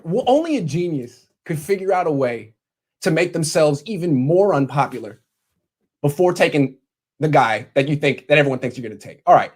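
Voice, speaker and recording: A man delivering a sarcastic, scolding vlog rant from his bedroom. His pitch rises and falls with animated, mocking emphasis. He talks straight to the camera and piles up jabs. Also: moderate pace. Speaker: sports commentator.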